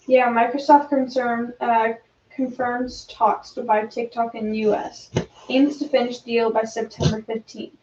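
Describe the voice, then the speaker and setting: A woman's voice: on the high side, level tone, measured pace, darkish tone, muffled recording. Woman reading news aloud, roomy distant sound. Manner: reads news headlines aloud with hesitant ums. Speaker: livestream co-host. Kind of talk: casual chat.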